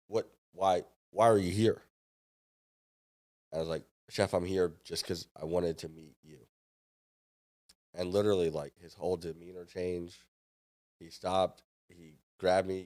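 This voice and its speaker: A man's voice: low-pitched, flat delivery, normal speed, a little mellow. A man in his thirties, a podcast guest, telling a story casually and acting out the dialogue.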